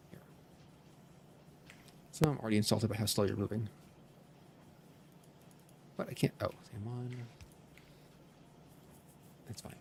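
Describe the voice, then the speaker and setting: A man's voice: mid-range voice, darkish tone, slight background noise. A man streaming a factory-building game, muttering to himself with playful asides. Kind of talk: casual gameplay commentary.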